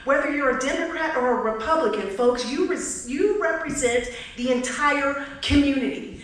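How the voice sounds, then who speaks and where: A woman's voice: high voice, normal speed. A woman giving a direct campaign speech at a candidate forum, putting questions to the audience. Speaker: political candidate. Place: community hall. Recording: echoey hall, mic from far off, faint noise.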